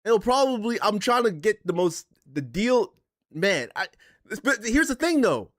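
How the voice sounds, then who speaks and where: A man's voice: high voice, very animated, a little slow, a bit bright, no echo, clean studio sound. A man hosting a casual live stream, rambling emotionally, swearing and reading chat aloud from his chair. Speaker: streamer host. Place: home stream setup in a chair.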